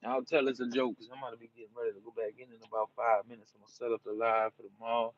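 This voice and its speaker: A man's voice: mid-range voice, little pitch movement, fast talker, dull audio. A man from New Orleans with a New Orleans accent, chatting casually and rambling with viewers on a live stream. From New Orleans, Louisiana. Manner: laid-back, rambling, peppered with "you know". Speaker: livestreamer.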